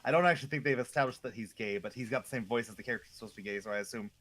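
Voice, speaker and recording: A man's voice: medium pitch, very fast, fairly bright tone. A man chatting casually with a friend while playing an online game, telling rambling stories full of fillers. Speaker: co-op gamer. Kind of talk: casual chat while gaming.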